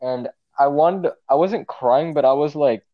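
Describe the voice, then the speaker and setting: A man's voice: on the high side, unhurried, no echo, narrow, tinny audio. A teenage boy chatting on a casual podcast, telling a story with lots of energy and some swearing. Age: teens. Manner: animated storytelling, swears often. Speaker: podcast co-host. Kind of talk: casual chat.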